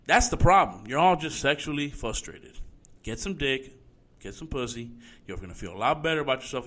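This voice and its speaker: A male podcast host delivers a heated, profanity-laced rant. His voice is forceful and tense. His pitch sits at a middle level for a man. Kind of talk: solo opinion podcast rant.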